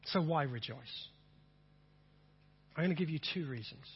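A man preaching a sermon, repeating phrases and swinging from soft to emphatic. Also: fairly high pitch, animated, moderate pace, long pauses, slightly rough, lo-fi sound. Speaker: pastor.

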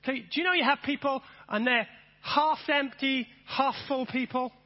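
High-voiced husky preacher man. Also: moderate pace, lo-fi sound. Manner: repeats phrases, swings from soft to emphatic. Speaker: pastor. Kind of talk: sermon.

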